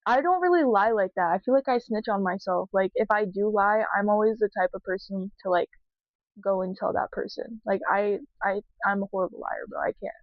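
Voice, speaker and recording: A woman's voice: medium pitch, fairly quick, no room sound. Rambling young woman, dull dry audio. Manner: rambling, heavy on "like" and "um", cursing freely. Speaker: vlogger answering viewer questions. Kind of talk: casual confessional chat.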